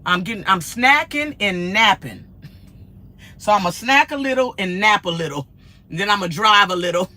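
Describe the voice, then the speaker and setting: A woman, vlogging in an animated, chatty way and telling stories. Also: mid-range voice, normal speed. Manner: animated, laughs often, acts out quotes. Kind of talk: casual chatty storytelling.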